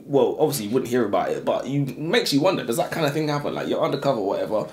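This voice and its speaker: A young man co-hosting a casual book discussion, animated and slangy, laughing often. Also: mid-range voice, racing, reverberant. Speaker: book podcast co-host.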